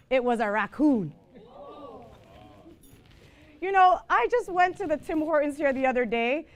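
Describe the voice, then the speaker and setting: A woman with a fairly high voice teaches the Bible in a loose, chatty way. She wanders off into personal stories and keeps turning to her listeners with questions. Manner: chatty, digressive storytelling, asks the audience questions. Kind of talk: informal Bible teaching to a live group.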